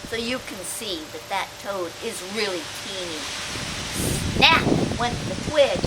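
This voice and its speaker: Animated woman reading a picture book aloud. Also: medium pitch, unhurried, very noisy. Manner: animated and playful, with sound effects and asides to children. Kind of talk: children's story read-aloud.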